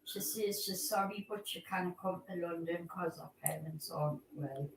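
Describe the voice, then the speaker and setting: A woman co-host speaking quiet, offhand asides from away from the microphone. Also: fairly low pitch, moderate pace, a little hiss or hum. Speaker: co-host reading comments. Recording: distant, echoey off-mic voice.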